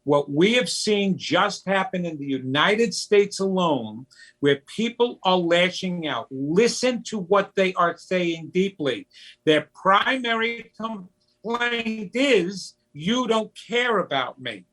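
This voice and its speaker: A man talking as a guest in an interview, slow and emphatic, sometimes acting out childish voices. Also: sits high, expressive, a bit bright. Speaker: psychic medium guest. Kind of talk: conversational interview.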